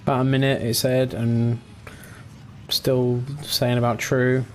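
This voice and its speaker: A relaxed man casually commentating his own space game, chatty with mild swearing, into a desk mic at his computer. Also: medium pitch, takes it slowly, faint music behind. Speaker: gaming channel host.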